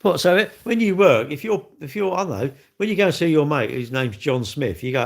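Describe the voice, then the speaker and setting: Bloke on a livestream, gravelly husky voice, takes the mick out of chat. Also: male voice, on the high side, big pitch swings, fast, few pauses. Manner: sarcastic, mocking chat commenters. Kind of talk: casual live-stream chat. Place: home, near his kitchen.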